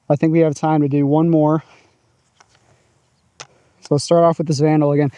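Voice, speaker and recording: Man, casual outdoor vlogger, chatty and upbeat, warm dry voice. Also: on the high side, little pitch movement, normal speed, pauses often, no room sound. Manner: upbeat, chatty, narrating his own throws. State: out of breath at times. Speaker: disc golf vlogger. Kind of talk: casual outdoor vlog commentary. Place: open field outdoors.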